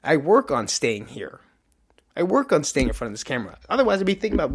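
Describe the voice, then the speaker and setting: A man's voice: on the high side, very animated, fast talker, slightly rough. A man hosting a podcast, talking candidly and profanely in a self-questioning motivational monologue to the camera. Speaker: podcast host. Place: in front of a camera.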